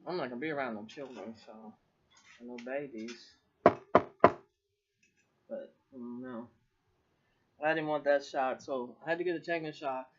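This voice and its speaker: A woman's voice: extremely low pitch, unhurried, pauses often. Rambling, profane woman on lo-fi video. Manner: rambling, profane, laughs often. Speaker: vlogger. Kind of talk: casual rambling vlog monologue.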